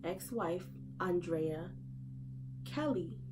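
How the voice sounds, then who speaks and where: A woman's voice: lowish voice, lively intonation, very slow, background noise. A woman giving her opinion casually in a vlog, repeating rhetorical questions in disbelief. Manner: conversational, with fillers. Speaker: vlogger.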